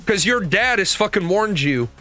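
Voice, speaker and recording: A man in his forties, a streamer, telling stories in a profane, animated rant. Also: high voice, moderate pace, soft background music. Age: 40s. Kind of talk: ranting casual talk.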